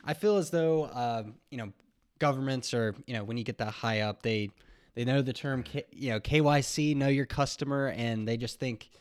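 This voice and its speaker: A man's voice: mid-range voice, moderate pace, clean tone. An American man co-hosting a casual podcast, agreeing along and offering tentative thoughts. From United States. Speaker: podcast co-host. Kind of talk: casual chat.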